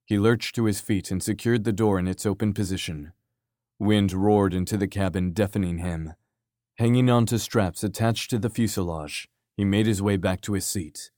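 A man narrating an action story from a script in a steady, measured way. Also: sits low, dry recording, clean studio sound. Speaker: audiobook narrator.

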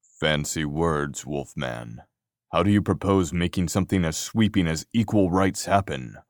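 A man voicing a gruff male bear-shifter clan leader who speaks low and bluntly in an audiobook. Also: fairly quick, darkish tone, no echo, studio quality, lightly acted. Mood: grim.

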